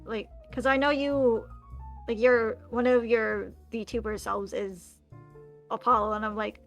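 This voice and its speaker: A woman's voice: on the high side, little pitch movement, fairly bright tone, faint music behind. A woman who is a VTuber guest, chatting casually and agreeing often. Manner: quick agreeing backchannels. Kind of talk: casual chat.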